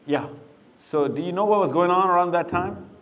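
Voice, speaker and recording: Coaxing, storytelling male speaker, fairly high. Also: a little fast, narrow, tinny audio. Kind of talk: live Q&A talk with youth.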